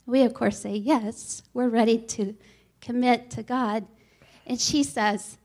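High-voiced woman telling a testimony. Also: slow pace. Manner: earnest, animated storytelling. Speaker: speaker sharing a testimony. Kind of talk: church testimony talk.

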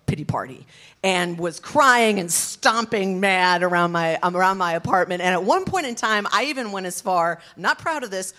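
A woman, telling her personal testimony in an earnest, expressive storytelling way. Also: medium pitch, normal speed. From Detroit area, USA. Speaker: speaker sharing her testimony.

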